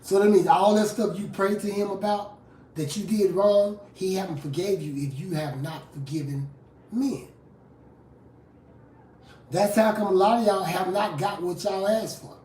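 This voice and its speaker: A fiery street preacher in a confrontational live sermon. The voice drops low for scripture, then bursts out loud. It is recorded from well back from the mic, in a room with a strong echo. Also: normal speed, a little hiss or hum. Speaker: street preacher and rap artist. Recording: roomy echo from a distant mic.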